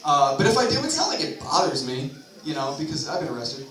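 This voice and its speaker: A man's voice: a little high, sing-song, fast talker, a bit bright. A young man performing a rambling, profane stand-up set at a bar open mic, full of self-mocking asides. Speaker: stand-up comedian. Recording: echoey bar from a far camera.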